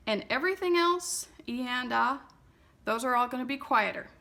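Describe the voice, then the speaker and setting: A woman teaching a music lesson, explaining a playing exercise step by step in a clear, methodical, patient way. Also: fairly high pitch, lively intonation, normal speed, bright, forceful tone. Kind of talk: instructional explanation.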